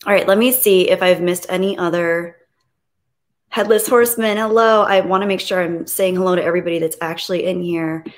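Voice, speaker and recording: A woman hosting a casual live stream, greeting viewers and reading their messages aloud, soft and reflective when she talks about grief. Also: on the low side, steady tone, fairly quick.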